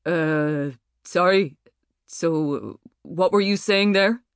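A woman's voice: on the low side, very slow, clean tone, no echo, clean studio sound. A woman voicing a blunt, distracted, hungry hulking rugby player in an audiobook.

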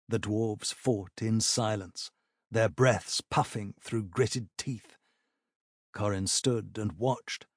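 Male narrator, audiobook, measured delivery, slow pace, dry close sound. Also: medium pitch, dry recording.

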